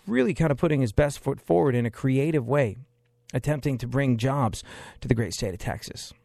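A man's voice: medium pitch, lively intonation, fairly quick, creaky, warm tone, no room sound, clean studio sound. Sarcastic male political commentator. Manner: sarcastic, emphatic, repeats phrases for effect.

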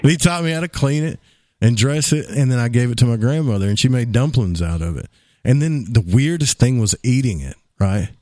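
Animated male storyteller on a talk show. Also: mid-range voice, a little fast, no room sound, clean studio sound. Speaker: guest.

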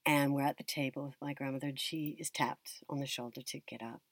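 A woman from the United States tells a personal story in an interview, reflective and unhurried, often trailing off and restarting. Her voice sits low and sounds husky. The recording is dry and close. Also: steady tone, no room sound. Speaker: actress and drama teacher being interviewed.

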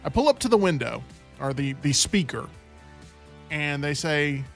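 A male host with a slightly high voice tells stories animatedly, putting on voices for the people in them. Faint music runs under his talk. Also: unhurried, creaky. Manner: animated storyteller who acts out quotes. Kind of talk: casual chat.

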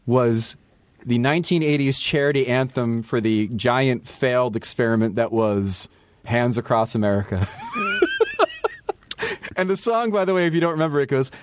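A man's voice: medium pitch, dry recording. A man co-hosting a podcast, telling rambling jokey stories in casual chat. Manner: jokey, rambling storyteller with animated impressions. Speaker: podcast co-host.

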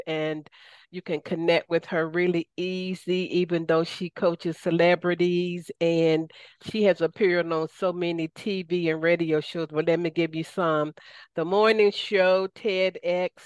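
A woman's voice: lowish voice, clear, resonant tone, dry recording. Enthusiastic Southern woman radio host. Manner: enthusiastic, folksy, says y'all often. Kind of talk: casual radio talk show.

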